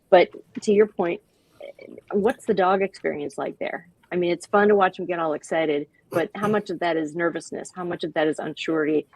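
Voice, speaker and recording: A woman speaking as a guest on a video-call show, talking with animated enthusiasm and acting out little quoted voices. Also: sits low, no room sound, low-quality recording. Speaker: guest, dog park expert.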